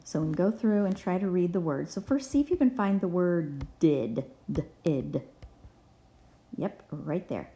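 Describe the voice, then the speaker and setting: Brief: woman teacher for a kids' reading lesson, mellow tone, spells words out letter by letter. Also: lowish voice, expressive, unhurried. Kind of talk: reading lesson for young children.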